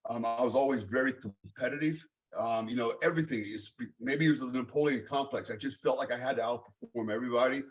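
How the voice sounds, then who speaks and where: A man's voice: mid-range voice, quick pace. A middle-aged man from the United States telling his life story as an interview guest, blunt and swearing freely, with many fillers.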